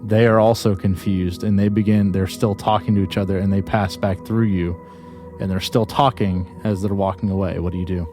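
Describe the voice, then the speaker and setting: A man's voice: low-pitched, fairly even intonation, brisk, music in the background. A man narrating as game master in a tabletop game, describing scenes loosely with many restarts.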